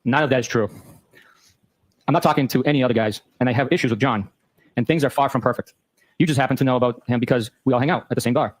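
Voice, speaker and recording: A man hosting a show, reading a long exchange of text messages aloud in a brisk, matter-of-fact way. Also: medium pitch, no echo. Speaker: host.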